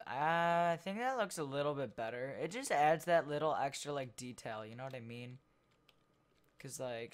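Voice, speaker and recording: A gameplay video host giving casual commentary while building, thinking out loud and trailing off mid-sentence. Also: medium pitch, animated, normal speed.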